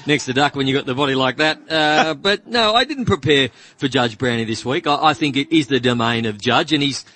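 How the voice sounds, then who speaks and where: Bright-voiced Australian co-host, self-deprecating. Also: male voice, medium pitch, expressive, fairly quick, slight background noise. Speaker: radio co-host. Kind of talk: sports radio banter.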